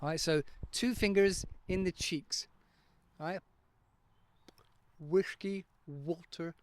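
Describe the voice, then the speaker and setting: A man talks in a smooth, resonant voice pitched a little high for a man. He explains pronunciation patiently, sounding words out one at a time. The sound is dry and close, from a handheld microphone. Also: a little slow, no echo. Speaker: English teacher and podcast host. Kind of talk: casual podcast monologue.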